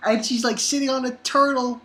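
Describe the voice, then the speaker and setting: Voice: high voice, fairly even intonation, a little fast, background noise. An anime reviewer recapping an episode in a rambling, casual way, swearing and using lots of fillers. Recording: roomy echo.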